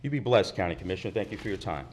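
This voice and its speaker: A resident with a low-pitched, expressive voice talks very fast during public comment at a county commission meeting, repeating his points into the podium mic with indignant insistence. A slight hiss or hum is audible.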